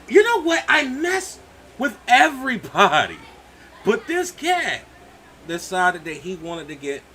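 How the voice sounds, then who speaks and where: A man hosting his own commentary video, ranting and mocking, swinging from shouting to low muttering. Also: background noise. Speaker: commentary channel host.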